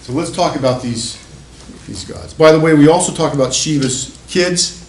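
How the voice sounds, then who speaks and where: A male university lecturer telling stories in an animated, chatty classroom lecture. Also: a little high, moderate pace. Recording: echoey classroom with faint noise.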